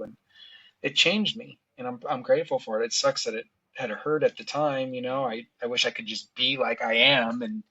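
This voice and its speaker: A man's voice: mid-range voice, fairly even intonation, moderate pace, pushed and bright, breathy edge, muffled recording. A man in his thirties telling a painful personal story in a candid, casual way, often saying "you know" and "dude". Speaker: podcast guest.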